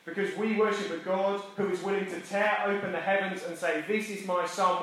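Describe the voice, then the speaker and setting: A man with an Essex accent preaching a sermon, jokey and lively, then dropping soft and quiet to drive a point home. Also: high-pitched, fairly quick, few pauses, heavy reverb, rough recording. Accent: Essex English. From Essex, England. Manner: animated, jokey, drops to soft intimate delivery for emphasis. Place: church.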